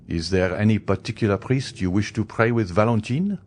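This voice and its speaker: A man's voice: lowish voice, a little fast, darkish tone, lightly acted. A man voicing an earnest, courteous physician. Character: earnest male physician, kind.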